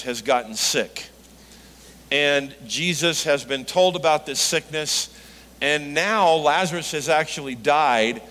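A man preaching a sermon as pastor, animated, rising in pitch and force when he acts out what people say to God. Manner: animated, rising into emphatic high pitch on quoted lines. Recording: long hall reverb.

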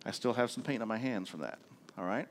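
A man's voice: on the low side, animated, quick pace. Middle-aged man, a pastor preaching a sermon: casual, self-deprecating, stories broken up with frequent check-ins.

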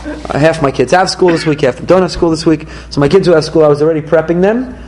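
A middle-aged man teaching a lively Torah lesson to a small live audience, talking emphatically and often jumping into high-pitched quoted voices. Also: quick pace, poor audio. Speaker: rabbi teaching a class. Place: room with a small listening audience.

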